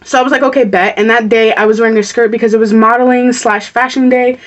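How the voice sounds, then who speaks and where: A woman's voice: a little high, steady tone, fast, recorded from a distance, dull audio. Blunt, heated young woman telling a story. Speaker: vlogger. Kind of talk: storytime vlog.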